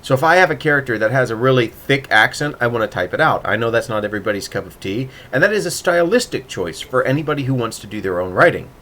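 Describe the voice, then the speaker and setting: A man's voice: medium pitch, expressive, fast, hardly any pauses, sharp tone, slight background noise. A man hosting a casual writing livestream, thinking aloud and muttering to himself as he works.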